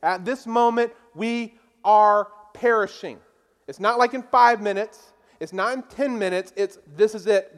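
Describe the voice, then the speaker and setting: A pastor preaching a sermon, emphatic and conversational, asking his listeners rhetorical questions. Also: sits high.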